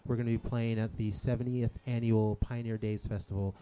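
A man with a low, warm, mellow voice chats about his music in a loose, rambling way. He hesitates, restarts and laughs a lot. A faint hum of room noise sits behind him. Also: little pitch movement, a little fast. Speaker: musician guest. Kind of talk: casual radio interview.

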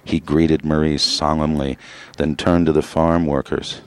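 A man reading a literary story aloud in a measured, grave way with drawn-out pauses. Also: extremely low pitch, level tone, a little mellow, dry recording. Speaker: narrator.

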